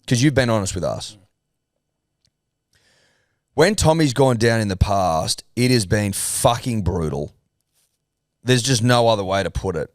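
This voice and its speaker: A laddish man co-hosts a sports podcast in a mock-earnest, sweary way. His voice is low and sits close to a dry studio mic. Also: lively intonation, measured pace, pauses often, no room sound. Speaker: podcast co-host. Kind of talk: casual chat.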